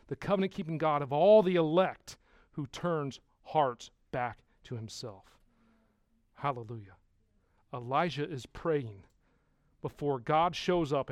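A man preaching a sermon to his congregation, emphatic and conversational, dropping quiet and then rising loud for emphasis. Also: a little high, dry recording, clean studio sound. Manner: conversational with restarts, addresses congregation. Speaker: pastor.

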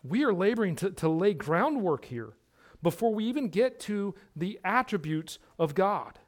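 Male pastor, high voice, emphatic sermon delivery that swings from quiet to loud. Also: sing-song, moderate pace. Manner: emphatic preaching, repeats words for emphasis, swings between hushed and loud.

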